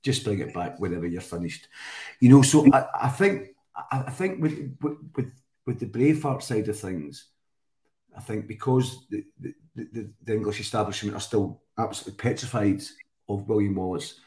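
A man's voice: fairly low pitch, normal speed, warm tone. A Scottish man chatting as a guest, telling stories in a rambling way with many restarts. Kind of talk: casual chat. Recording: roomy echo.

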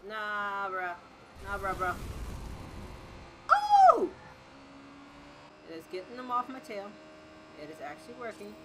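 A young woman, giving loud, excitable gameplay commentary, swearing often, shouting and laughing as she plays. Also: medium pitch, moderate pace, very noisy. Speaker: gaming streamer.

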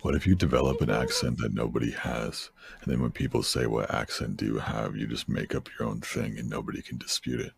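Extremely deep gravelly man, deadpan. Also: a little hiss or hum. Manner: slow, deadpan musing with gamer jokes. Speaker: guest on a livestream voice call. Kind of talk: casual voice-chat banter.

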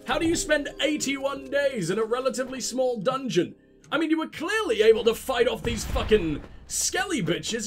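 A man hosting a let's play, rambling through casual game commentary with self-mocking jokes and lots of swearing. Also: very high-pitched.

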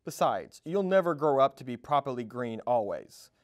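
A man's voice: mid-range voice, very animated, normal speed, dry recording, natural voice. Guy doing a cranky nervous old storybook snake, scolds a lot. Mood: scolding. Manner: complaining, scolding.

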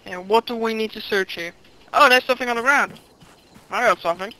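A gamer cursing through play and taunting enemies over chat. The voice sits at a middle pitch. Steady background noise runs under the voice throughout. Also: fairly quick. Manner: profane trash talk. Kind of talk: casual gameplay chat.

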